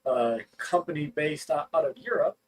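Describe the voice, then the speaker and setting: A man's voice: fairly high pitch, animated, normal speed. A man co-hosting a fish rescue livestream, chatty and matter-of-fact. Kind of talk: casual livestream chat.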